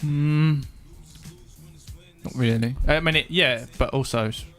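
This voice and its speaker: A young man chatting as a podcast guest, halting and hesitant, with many restarts. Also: medium pitch, a bit bright, faint music behind. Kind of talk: casual chat.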